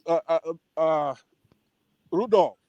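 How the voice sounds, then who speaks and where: A man phones into a call-in show and presses his complaint, insistent and demanding. His voice sits high, and the sound is bone dry with no room around it. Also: slow pace, darkish tone, no room sound, highs cut off. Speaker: caller.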